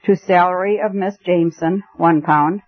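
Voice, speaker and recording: A man narrating a classic story as an audiobook reader, measured and expressive. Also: high-pitched, faint music behind. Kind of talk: scripted narration. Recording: tinny phone-like band, dry.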